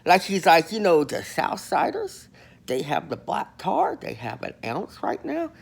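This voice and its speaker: A man hosting his own channel tells a rambling, comic prison story, boastful and slangy, acting out the people he quotes. His high, husky voice swoops wildly in pitch, with vocal fry and an unhurried pace.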